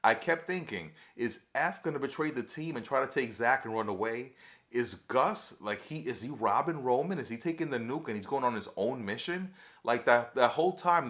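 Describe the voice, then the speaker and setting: Male TV recap host, mid-pitched, excitable and chatty, talks straight to the viewers as y'all. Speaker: TV episode reviewer. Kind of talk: casual recap chat.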